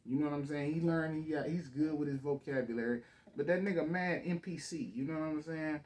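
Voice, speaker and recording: A man's voice: on the high side, brisk, darkish tone. A man giving casual reaction commentary on a debate clip, blunt, slangy and profane, talking over the clip.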